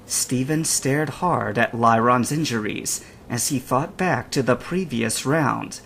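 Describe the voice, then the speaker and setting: A man's voice: mid-range voice, slow, gravelly, hardly any pauses, breathy edge. A man narrating a fanfiction audiobook, reading expressively and voicing every character. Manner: expressive storytelling, acts all characters. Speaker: audiobook reader. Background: anime soundtrack music.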